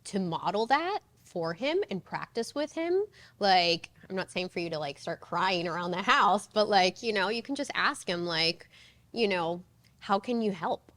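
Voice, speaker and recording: Woman, psychologist guest, casual advice, chatty with fillers, slightly low pitch. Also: animated, moderate pace, a bit bright. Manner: chatty, advising, many "like" fillers. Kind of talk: casual podcast conversation.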